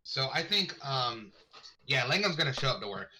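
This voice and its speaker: Bright-voiced joking man at a tabletop game. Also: medium pitch, sing-song, moderate pace, a little hiss or hum. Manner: joking, laid-back. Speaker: player.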